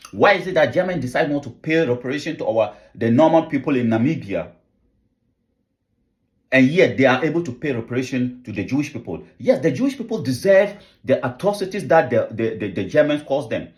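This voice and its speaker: This man, raised in Africa, delivers opinion commentary with real fervor. His voice sits at a middle pitch, and he keeps circling back with rhetorical questions and repeated phrases. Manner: fervent, with rhetorical questions and repetition. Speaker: online commentator.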